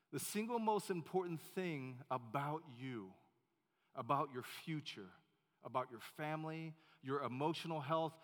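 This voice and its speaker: A man preaching as a pastor, telling a story in a relaxed, chatty way with many fillers and restarts. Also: a little high. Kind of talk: sermon storytelling. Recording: long hall reverb.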